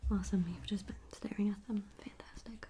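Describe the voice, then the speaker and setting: A young woman rambling in a soft-spoken ASMR style, slipping often into a whisper, at home in her apartment. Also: medium pitch, fairly even intonation, a little fast, poor audio. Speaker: ASMR creator. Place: apartment room. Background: faint tapping and scratching clicks.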